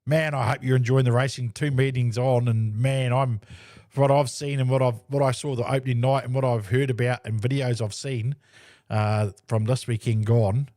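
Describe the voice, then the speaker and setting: A man co-hosts a casual motorsport chat, telling anecdotes in an easygoing, earnest way. His pitch sits in the middle range, and the recording is dry and close. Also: fairly even intonation, normal speed, warm tone, dry recording. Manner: chatty storyteller, easygoing and earnest. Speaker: co-host.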